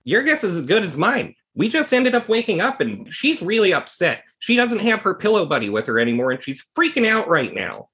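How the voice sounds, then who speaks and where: A man acts out a panicky male elf doctor in a tabletop game. His voice jumps well above his normal register and his words tumble out fast with worry. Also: very animated, sharp tone, exaggerated voice. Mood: anxious. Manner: high, hurried and worried. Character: flustered male elf doctor in latex suit.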